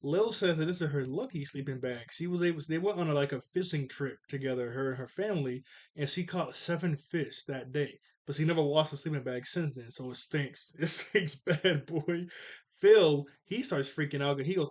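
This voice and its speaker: A man's voice: a little high, brisk. A man casually recapping a cartoon episode at home, slangy and chatty, laughing often and correcting himself as he goes.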